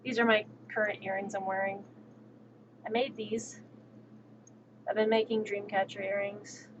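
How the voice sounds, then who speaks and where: A woman livestreamer chatting casually and outspokenly while she plays, with quick, sassy asides. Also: medium pitch. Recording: dull lo-fi stream audio with steady background noise.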